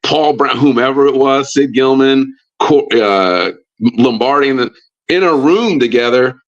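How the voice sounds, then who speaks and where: A man's voice: mid-range voice, dull audio. A man, a football coach, telling a casual story on a podcast, full of fillers and restarts. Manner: rambling with many fillers and restarts. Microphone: live stream mic.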